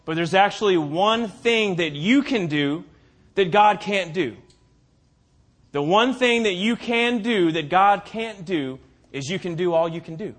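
A man preaching a sermon as pastor, swinging from booming declarations to hushed asides and slowing down hard to stress key phrases. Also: animated.

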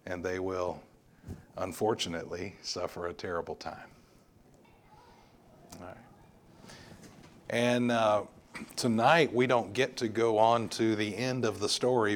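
A man's voice: on the low side, a bit bright, a little hiss or hum. A male pastor preaching a sermon, emphatic and repeating words for stress.

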